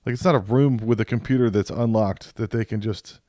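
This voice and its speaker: A man's voice: fairly low pitch, brisk, dark tone, no room sound, studio quality. A man co-hosting a podcast, telling crude jokes and stories in casual banter. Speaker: podcast co-host.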